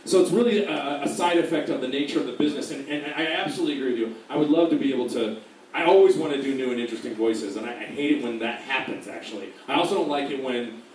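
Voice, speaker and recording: A man's voice: mid-range voice, quick pace. A man speaking as a voice actor at a convention panel, rambling and joking through audience questions. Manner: rambling, jokey, animated. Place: large convention room. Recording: very echoey hall, distant mic, faint noise.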